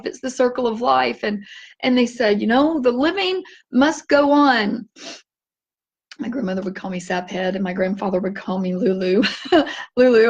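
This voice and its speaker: A woman telling a personal story in a gentle, halting way, teary and with her voice breaking. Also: a little high, dull audio. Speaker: vlogger sharing a personal story.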